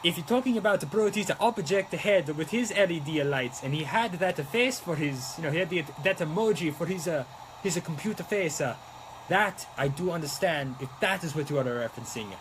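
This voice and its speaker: A man's voice: fairly high pitch, animated, brisk, noisy background. A young man chatting casually and playfully as he builds a prop, now and then breaking into mock-Italian exclamations. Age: young adult. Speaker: prop-making streamer. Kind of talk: casual chat while crafting.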